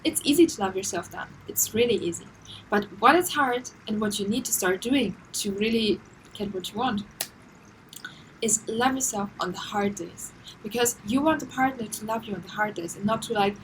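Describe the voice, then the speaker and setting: A woman's voice: medium pitch, normal speed, slight background noise, low-quality recording. A woman giving earnest, casual self-help advice, repeating herself and acting out the voices in her head. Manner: earnest, repetitive, acts out inner voices.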